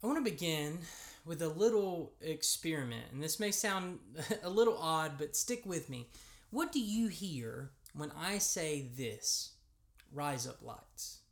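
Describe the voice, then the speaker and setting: Creaky-voiced American man preaching. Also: fairly high pitch, very animated, measured pace. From United States. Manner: conversational preaching with emphatic rises. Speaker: pastor. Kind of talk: sermon.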